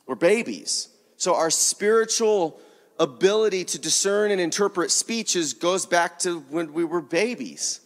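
A man preaching a sermon in an animated, conversational way, often laughing as he speaks. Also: sits high, unhurried, long reverb tail.

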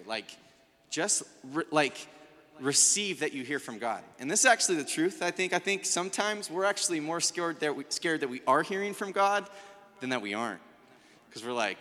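Bright-voiced preacher in a reverberant hall. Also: male voice, on the high side. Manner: loose, animated preaching, acts out quoted voices. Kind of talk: conversational sermon to a live room. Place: large room with a congregation.

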